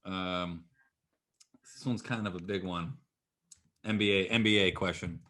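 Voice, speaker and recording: A young man hosting a casual podcast chat, relaxed and swearing freely. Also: sits low, a little slow. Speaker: podcast host.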